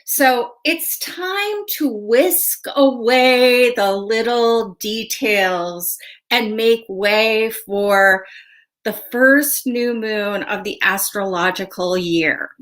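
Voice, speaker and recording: A woman's voice: a little high, drawn-out words, fairly bright tone. A woman hosting a casual livestream tarot show, chatty and friendly with viewers, laughing often and a little stuffy from a sinus cold. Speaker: host and tarot reader.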